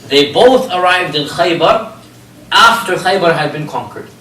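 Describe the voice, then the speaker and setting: A man giving an animated religious history lecture, telling stories and asking his listeners rhetorical questions. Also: high-pitched, a little slow, slight background noise. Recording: echoey room, distant mic, faint ambience.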